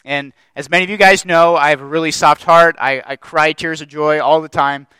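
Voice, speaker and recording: A man's voice: fairly high pitch, steady tone, a little fast, pushed and bright, clear, resonant tone, dry recording. A young adult man preaching a sermon as pastor, impassioned and building through repeated phrases.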